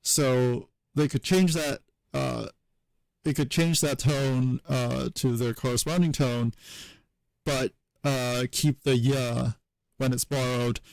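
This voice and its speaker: A man on a live stream explaining historical sound changes off the cuff, halting often and correcting himself as he thinks aloud. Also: mid-range voice, fairly even intonation, creaky, a little mellow, no echo, poor audio. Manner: halting and hesitant, many fillers and self-corrections.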